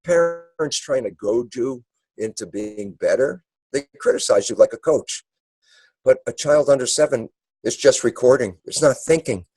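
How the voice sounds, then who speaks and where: Male speaker, warm husky tone, emphatic lecture delivery, dry close sound. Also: mid-range voice, expressive, dry recording, low-quality recording. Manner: acts out dialogues in quick asides. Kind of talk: animated lecture.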